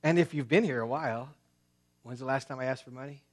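A man preaching a sermon as pastor, talking casually and swinging between loud bursts and hushed asides. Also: mid-range voice, fast talker.

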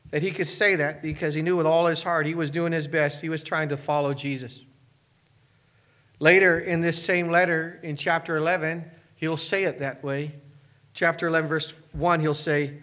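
A man's voice: fairly high pitch, fairly even intonation, measured pace, fairly bright tone. A man pastor preaching a sermon, asking his congregation one earnest question after another.

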